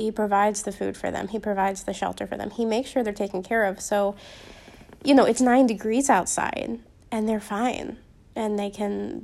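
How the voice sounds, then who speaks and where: A woman's voice: medium pitch, creaky. A young woman hosting a casual Christian podcast, with a slight Upper Midwestern accent, chatty and rambling with many ums and restarts. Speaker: podcast host.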